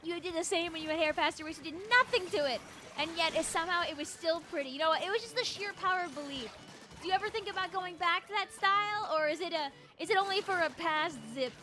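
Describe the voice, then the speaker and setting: A woman's voice: very high-pitched, fast, sharp tone. A woman streaming a game, chatting playfully with her viewers and tossing in silly sound effects. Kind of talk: casual live-stream chat while gaming.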